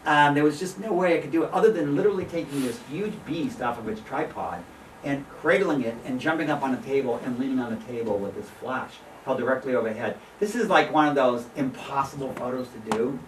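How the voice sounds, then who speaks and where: A middle-aged photographer giving an informal slide talk to a gallery audience, an animated storyteller who laughs often and acts out the voices he quotes. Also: mid-range voice, recorded from a distance, a little hiss or hum. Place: small art gallery with an audience. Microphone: room recording from a distance. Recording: echoey gallery room, voice from off-mic.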